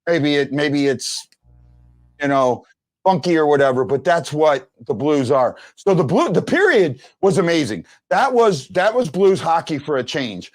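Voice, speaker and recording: Lively, rambling fan-show host, a man. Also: fairly high pitch, a little slow. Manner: rambling storyteller, restarts often. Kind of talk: casual sports chat.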